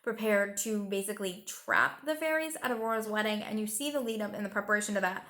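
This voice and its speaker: A woman's voice: mid-range voice, fast talker, bright, forceful tone. A young woman giving a casual, rambling movie review. She retells the plot emotionally, with lots of fillers, and sounds tired.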